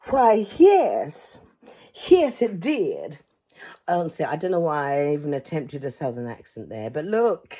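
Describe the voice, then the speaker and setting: A woman with a low, warm-toned voice narrates her pottery vlog in a casual, chatty way. Her pitch moves a lot, and she slips in playful, jokey asides. Faint music plays quietly behind her. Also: poor audio. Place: Saint Lucia.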